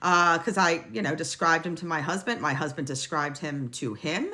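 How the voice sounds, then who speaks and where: A middle-aged woman casually telling a personal story in a blunt, lively way, swearing now and then. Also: low voice, moderate pace.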